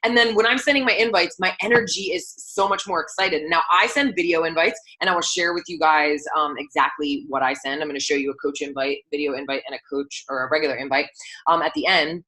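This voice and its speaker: A young woman leads her team through a motivational call. She talks fast in a bright, forward voice that sits a little low. Her delivery stays casual and upbeat, full of "like" and "um". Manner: chatty, upbeat, lots of "like" and "um". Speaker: coach leading a team call.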